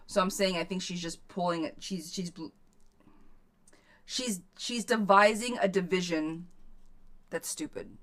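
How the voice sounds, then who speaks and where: A woman's voice: on the low side, slow pace, pauses often. A woman giving a live-stream tarot reading. She reads viewers' questions aloud and answers them bluntly, swearing freely. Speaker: tarot reader.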